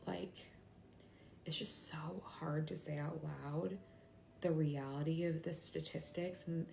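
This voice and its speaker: Tearful woman, hushed and halting. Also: sits low, vocal fry, roomy sound, slight background noise. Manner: halting, hushed, breaking into whispers. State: crying. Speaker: mother sharing a personal video. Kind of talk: tearful personal confession to camera.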